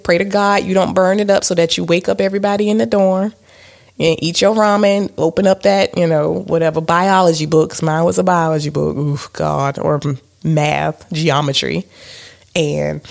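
A woman chats casually as a podcast co-host. She talks candidly and pokes fun at herself, with many fillers. Her voice sits fairly low and has a gravelly fry. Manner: candid, self-deprecating, chatty with fillers. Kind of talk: casual chat.

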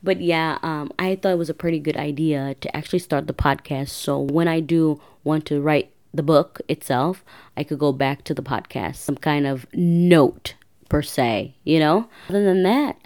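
A woman with a notably low voice hosts a personal podcast. She tells her story casually, rambling and restarting as she goes. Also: normal speed, darkish tone. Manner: rambling, self-correcting, chatty. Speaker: podcast host.

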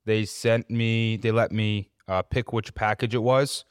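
A man's voice: fairly low pitch, steady tone, measured pace, clean tone, no room sound, studio quality. A man co-hosting a casual podcast, brash and boastful, swearing freely as he argues his point. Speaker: podcast co-host. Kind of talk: casual banter.

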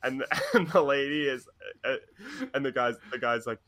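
A young man chats casually on a podcast, his voice bright and forward. He retells stories animatedly, jumping into the voices of the people he quotes. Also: medium pitch, normal speed. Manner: animated storyteller acting out quotes. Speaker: podcast co-host. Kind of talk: casual chat, retelling a story.

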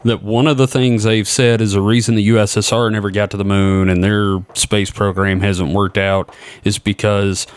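Wry low-voiced man with a Southern accent. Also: little pitch movement, normal speed, clean tone. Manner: wry, sarcastic interjections. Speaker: podcast co-host. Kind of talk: casual chat.

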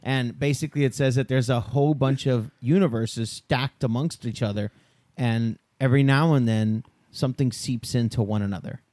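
Cussing podcast guy, laughs a lot, mellow tone. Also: medium pitch, steady tone, moderate pace, dry recording, studio quality. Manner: loose, profane, laughs often. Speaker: podcast co-host. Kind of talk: casual chat.

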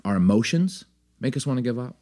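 A man's voice: medium pitch, lively intonation, brisk, mellow. A man co-hosting a podcast in playful casual chat, laughing often and talking in a chatty way. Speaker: podcast co-host.

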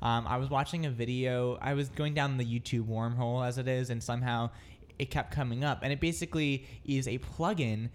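A man's voice: medium pitch, fairly even intonation, fairly quick. A man co-hosting a radio show in casual banter, rambling and hesitant with many ums.

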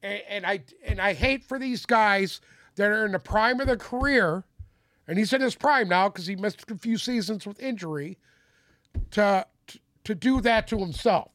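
High-pitched, opinionated man stumbling into hot takes. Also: normal speed, a bit bright, no echo, clean studio sound. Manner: opinionated, stammers restarts, blunt. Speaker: sports podcast co-host. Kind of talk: casual sports debate.

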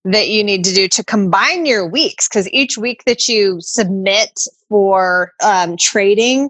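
A woman's voice: medium pitch, slow, dry recording. Ranting, foul-mouthed woman podcast host. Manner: ranting, animated, swears a lot. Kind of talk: casual chat.

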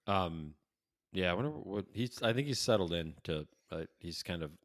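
A man with a low voice co-hosting a podcast, talking loosely and swearing often. He laughs easily and lets sentences trail off. The sound is dry and close. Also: expressive, moderate pace, no echo. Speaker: podcast co-host. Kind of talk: casual chat.

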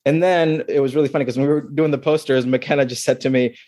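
Mellow-voiced man answering on a video call. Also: medium pitch, fairly even intonation, fast, dry recording, studio quality. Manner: rambling with many restarts and fillers. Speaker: filmmaker being interviewed. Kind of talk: casual interview answers.

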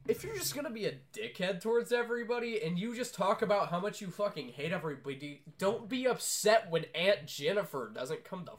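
A man's voice: high-pitched, fairly quick, hardly any pauses. A young man co-hosting a podcast, ranting in casual chat with lots of swearing. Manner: profane, animated ranting. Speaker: podcast co-host.

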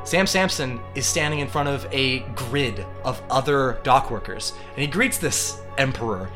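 Bright-voiced young game master. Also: male voice, medium pitch, moderate pace, few pauses, soft background music. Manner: casual, with fillers and laughs. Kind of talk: narrating a tabletop game.

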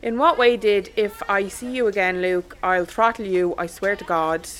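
A woman's voice: mid-range voice, normal speed, close to an everyday voice. A woman with an Irish accent playing an irritable, blunt space fleet commander who swears freely. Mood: irritated. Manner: sharp, exasperated, swears freely. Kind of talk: audio drama acting.

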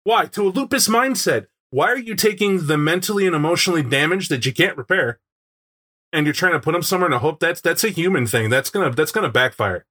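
A man chatting casually about a tabletop game, animated and acting out scenes with sound effects. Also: on the high side, fast talker.

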